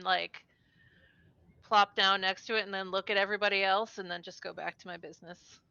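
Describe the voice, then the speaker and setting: Bright, gleeful woman player. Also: mid-range voice, steady tone, a little fast, creaky, smooth, no room sound, muffled recording. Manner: gleeful, mischievous. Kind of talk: tabletop role-play chat.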